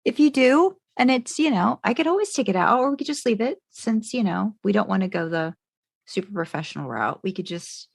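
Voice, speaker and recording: An American woman co-hosting a podcast, chatting casually with lots of halting restarts and fillers. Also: mid-range voice, lively intonation, vocal fry, breathy edge, no room sound, studio quality. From United States. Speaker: podcast co-host. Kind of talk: casual chat between podcast co-hosts.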